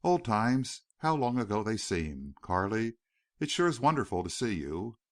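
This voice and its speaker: A gentle young war veteran, earnest and a touch wry, as read by a male narrator. The low voice rises and falls freely. Recorded dry and close for an audiobook. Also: very animated, unhurried, no echo.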